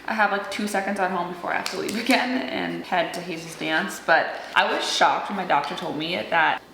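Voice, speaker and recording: Chatty young woman with a gravelly low voice. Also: fairly quick, noisy background. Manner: chatty, fills with "like", laughs often. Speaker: lifestyle vlogger. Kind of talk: casual chat to camera. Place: home closet, later her car.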